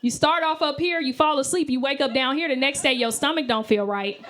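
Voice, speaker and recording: A woman's voice: high-pitched, a little fast, a crowd in the background. A woman performing a stand-up comedy set, telling brash stories and acting out voices with sudden shrieks. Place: comedy club stage with laughing audience. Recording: live club recording with audience noise.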